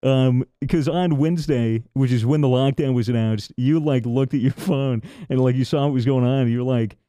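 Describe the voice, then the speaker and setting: Male podcast co-host, mid pitch, mellow, casual and sweary. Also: normal speed, no echo, clean studio sound. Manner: chimes in, jokey, swears. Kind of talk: casual chat.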